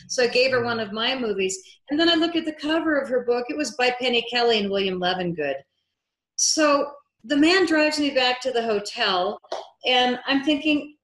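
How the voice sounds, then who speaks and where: Animated woman telling a story, echoey room. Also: fairly high pitch, moderate pace. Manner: lively, acts out quoted dialogue. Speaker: filmmaker guest. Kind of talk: interview storytelling.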